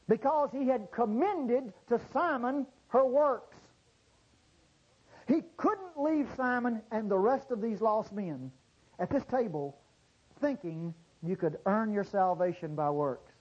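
A man preaching a sermon to a congregation, swinging from low murmurs to loud exclamations and drawing out key words. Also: lively intonation, breathy edge, muffled recording. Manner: drawn-out stressed words. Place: church service before a congregation.

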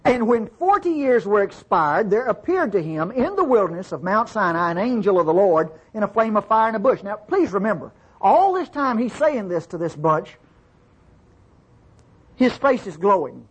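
This Bible teacher has a husky, fairly high voice with a sing-song quality that swings widely, and he talks at a normal speed. In conversational fashion he moves between reading verses aloud and explaining them informally, often asking his listeners if they follow.

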